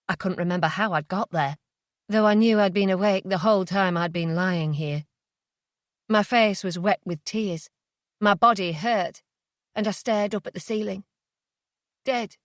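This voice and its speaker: A woman narrating a thriller audiobook in the first person, hushed and tense. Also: medium pitch, no room sound, clean studio sound.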